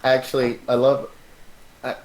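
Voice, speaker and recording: A man retelling an anecdote in a casual online chat, animated and full of restarts. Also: medium pitch, measured pace, a loud crowd, rough recording. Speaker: podcast co-host. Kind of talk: casual storytelling. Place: online voice call.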